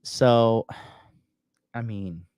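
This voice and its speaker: A man's voice: fairly low pitch, drawn-out words, darkish tone, smooth, dry recording, studio quality. A man hosting a dating commentary show, talking bluntly, swearing often and repeating phrases as he reacts. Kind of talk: casual solo commentary.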